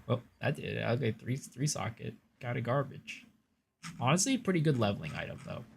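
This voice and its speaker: Lively, profane male streamer. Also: mid-range voice, brisk, gravelly, a little hiss or hum. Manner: rambling, profane, filler-heavy with lots of "like"; chats to viewers in the stream chat. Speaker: game streamer. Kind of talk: casual live-stream chat while gaming.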